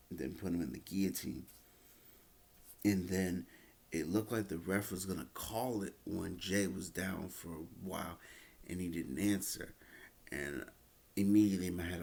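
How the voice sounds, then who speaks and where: Man, wrestling review vlog, rambling, husky, gravelly. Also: low voice, darkish tone. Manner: rambling, many fillers and restarts.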